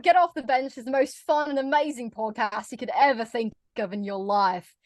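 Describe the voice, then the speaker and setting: A woman's voice: a little high, normal speed, dry recording, clean studio sound, lightly acted. A woman putting on an Australian accent to play a cheery young Australian speaker, in a bouncy, exaggerated way. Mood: playful. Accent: Australian (imitated).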